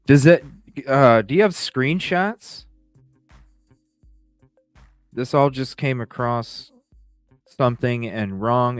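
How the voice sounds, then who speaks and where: A man's voice: fairly low pitch, clear, resonant tone, dry recording. A man hosting a podcast, reading text messages aloud and reacting with profane, incredulous commentary. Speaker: podcast host.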